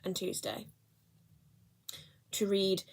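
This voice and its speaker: Young woman, casual vlogger, rambly and self-correcting, mid pitch. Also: big pitch swings, very slow, gravelly. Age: young adult. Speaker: book vlogger. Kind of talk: casual chat.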